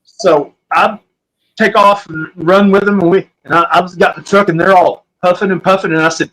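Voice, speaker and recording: A man with an Oklahoman drawl tells a story in a loose, folksy way, circling back and restarting his sentences as he goes. His voice sits a little on the high side for a man. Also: steady tone, a little fast, a bit bright, poor audio. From Southwest Oklahoma. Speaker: podcast guest. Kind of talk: casual storytelling.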